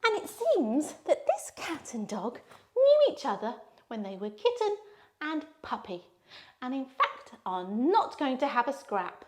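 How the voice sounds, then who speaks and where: A woman leads children through yoga like a storyteller. Her voice sits high and leaps about in lively swoops, with playful sound effects woven in. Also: unhurried. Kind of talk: guided kids' yoga story.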